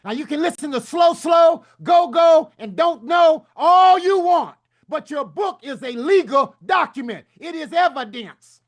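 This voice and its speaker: A man's voice: very high voice, animated, unhurried, raised voice. A man giving a hyped motivational talk as a book coach, preaching in call-and-response with folksy turns of phrase. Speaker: book coach and summit speaker.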